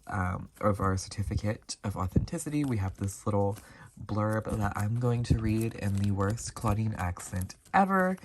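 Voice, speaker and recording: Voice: medium pitch, a little hiss or hum. A channel host giving a casual, chatty doll review, rambling with frequent asides.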